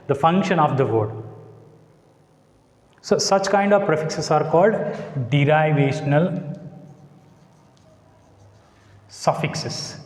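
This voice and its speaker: A male teacher lectures a class at a very slow, deliberate pace, repeating each word and spelling out letters. His voice sits a little high. The classroom echoes around him with a long reverb.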